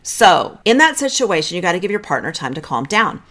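A woman's voice: on the low side, sing-song, fairly quick, a bit bright. A middle-aged woman, a marriage therapist, giving direct, coaching advice on a podcast and talking listeners through breathing counts.

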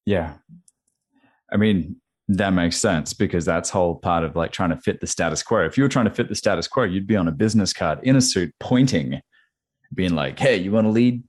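A man's voice: deep voice, animated, moderate pace, husky. A young man, chatting in a laid-back, slangy way and swearing. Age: young adult. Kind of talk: casual chat.

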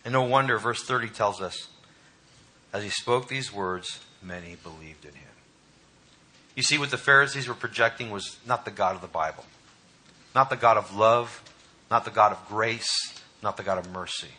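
Bright-voiced male preacher. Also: lowish voice, normal speed. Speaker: pastor. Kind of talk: sermon. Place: church hall.

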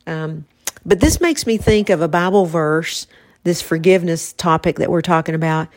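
A woman hosts a faith-based podcast in casual conversation. She talks in a soft-spoken, reflective way, and her voice sits a little low for a woman. The recording is dry and close to the mic. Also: normal speed, dry recording. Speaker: podcast host.

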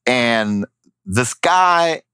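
Lively man telling a story. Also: medium pitch, drawn-out words, smooth, no room sound. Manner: animated, acts out voices in his anecdotes. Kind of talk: casual storytelling chat.

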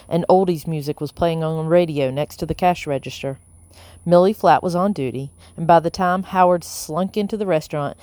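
A deep-voiced woman reads an audiobook in a steady, measured storytelling style. The scripted narration is recorded with no room sound.

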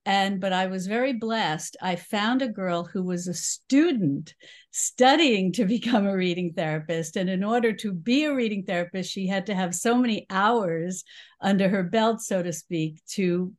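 A woman's voice: medium pitch, normal speed. A woman in her sixties from New York City with a New York accent, chatting as an interview guest with frequent laughs and fillers. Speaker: guest, cooking teacher. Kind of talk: casual interview chat.

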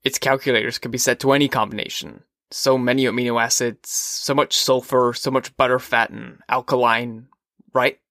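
A man doing a quiet, troubled fireman. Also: mid-range voice, level tone, moderate pace, no room sound, studio quality. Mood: uneasy. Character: uneasy, brooding adult male fireman. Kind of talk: audiobook reading.

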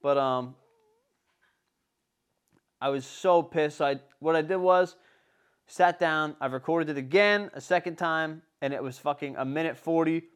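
A young man telling a story in casual chat, animated and swearing a lot. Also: fairly high pitch, a little slow, long pauses, smooth. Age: young adult.

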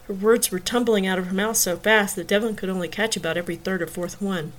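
A woman reading a suspense novel aloud in measured, even narration. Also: medium pitch. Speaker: audiobook narrator. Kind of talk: scripted narration.

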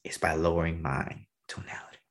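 A young man in his early twenties talks quickly about his sales work, with lots of energy. His voice sits low. He laughs often and keeps the chat casual. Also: level tone. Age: early 20s. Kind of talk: casual conversation.

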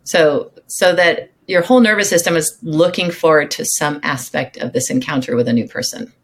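A woman guesting as a relationship coach, sharing advice in an upbeat, quick conversational way. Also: sits low, breathy edge. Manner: upbeat and advice-giving, speeds up when making a point. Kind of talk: casual conversational interview.

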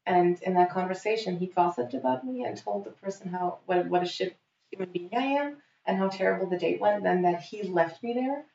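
A young woman tells a story in an easy, chatty way, animated and quick to swear as she plays out each quote. The recording is muffled and roomy. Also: lowish voice, vocal fry. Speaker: guest telling a story. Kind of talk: casual storytelling.

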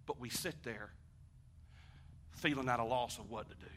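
A man preaching a sermon, conversational and animated, asking the congregation questions and swinging from hushed talk to shouting. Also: mid-range voice, moderate pace, a little hiss or hum. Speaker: pastor.

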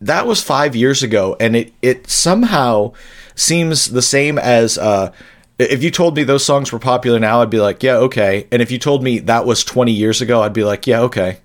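A man's voice: medium pitch, normal speed. A man co-hosting a podcast in casual chat, rambling along with dry humor and frequent self-corrections. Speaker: podcast co-host.

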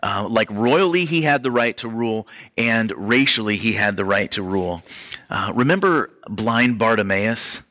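Man, pastor type, bright forward voice, chatty sermon delivery, lots of "like" and "um". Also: lowish voice, animated, moderate pace. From Western Europe ancestry only; none. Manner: conversational, filler-heavy, says "like" often. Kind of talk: casual sermon teaching.

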